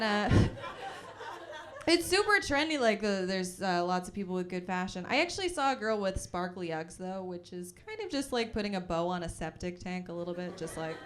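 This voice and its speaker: A young woman from Calgary doing a self-deprecating, rambling stand-up set at a house party. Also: on the low side. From Calgary, Canada. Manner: self-deprecating, rambling, full of fillers and giggles. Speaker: stand-up comic.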